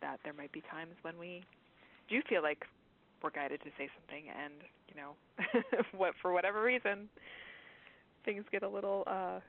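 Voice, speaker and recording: Gravelly facilitator on a phone line. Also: mid-range voice, steady tone, moderate pace. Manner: thoughtful, searching for words, light laughs. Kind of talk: reflective spiritual discussion.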